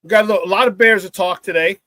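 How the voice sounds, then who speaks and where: A high-pitched man talks very fast while hosting a morning sports talk show, hyping things up casually, greeting viewers, and giving the chat shout-outs. It's a dry recording.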